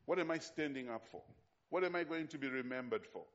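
A man's voice: a little high, expressive, a little fast, dull audio. A man preaching a sermon as pastor, emphatic and repetitive, often putting questions to his congregation.

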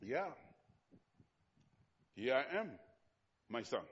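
A man's voice: medium pitch, very animated, very slow, husky, lo-fi sound, full character voice. A man voicing the patriarch Abraham, a solemn old father answering his son, during a sermon.

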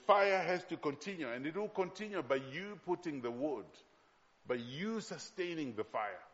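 A man preaching a sermon from Zambia, emphatic and slowing down to repeat key phrases. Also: a little high, fairly bright tone. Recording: long hall reverb, dull sound.

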